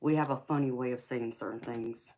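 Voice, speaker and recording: Sassy low-voiced Southern woman. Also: fairly even intonation, brisk, very noisy. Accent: Southern American. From American South. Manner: sassy, drawling, calls viewers baby. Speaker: tarot reader hosting a livestream. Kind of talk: casual livestream chat with viewers.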